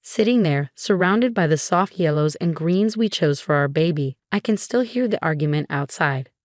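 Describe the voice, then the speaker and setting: Low-voiced woman narrating a story. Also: expressive, moderate pace, a little mellow, no room sound, studio quality. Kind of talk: first-person story narration.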